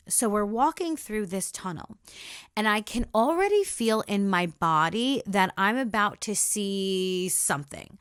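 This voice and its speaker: A woman hosts a podcast and tells a personal story with deep emotion. She repeats her phrases and draws them out slowly for emphasis. The recording is dry, with no room sound. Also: animated, fairly bright tone, smooth, no echo. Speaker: podcast host.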